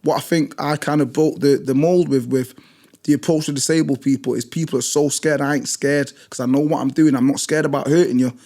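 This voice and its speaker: A man's voice: medium pitch, fairly even intonation, a little fast, mellow. A British man who works as a gym instructor, telling stories in an emphatic, blunt way, repeating phrases for force. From Britain. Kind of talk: passionate storytelling in conversation.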